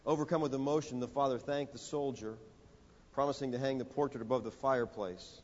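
A man preaching a sermon, telling a story and building to emphatic, rising lines with dramatic pauses. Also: mid-range voice, steady tone, darkish tone. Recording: dull audio in a reverberant hall.

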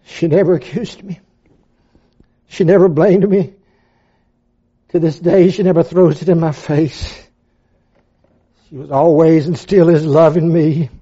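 An older man delivers a sermon with dramatic swings, sinking to near-whispers before climbing into fervent, high-pitched pleading. His voice sits a little high for a man. The recording sounds dull and lo-fi. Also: slightly rough. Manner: dramatic, swinging from hushed to impassioned. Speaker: preacher.

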